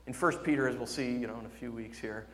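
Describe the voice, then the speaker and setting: A male pastor preaching a sermon with impassioned delivery, swinging between loud emphasis and hushed, tender tones. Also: medium pitch, fairly even intonation, quick pace, big-room sound.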